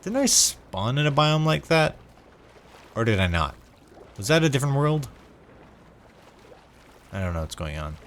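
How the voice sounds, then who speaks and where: A man's voice: medium pitch, very animated, unhurried, long pauses, fairly bright tone. A sleep-deprived man from the United States, rambling casually to viewers while playing a game, repeating words and drifting between asides. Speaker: gaming vlogger. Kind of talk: rambling casual gameplay chat.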